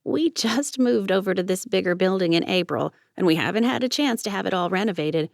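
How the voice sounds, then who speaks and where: Woman putting on a gravelly chatty seamstress. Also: medium pitch, expressive, fairly quick, no room sound, clean studio sound. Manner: bustling, apologetic, chatty. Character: fussy chatty middle-aged seamstress woman.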